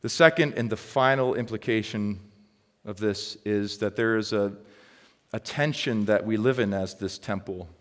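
A pastor preaching a sermon in a conversational, storytelling way, getting loud and animated as he acts out a story. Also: lowish voice, moderate pace, long reverb tail. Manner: conversational storytelling, grows loud and excited when reenacting.

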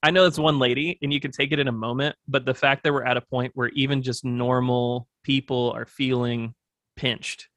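A man's voice: mid-range voice, fairly even intonation, normal speed, fairly bright tone, dry recording, studio quality. A man guesting on an interview show, talking through business plans in a thoughtful, rambling way with lots of fillers. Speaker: agency owner, podcast guest. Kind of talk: casual interview talk.

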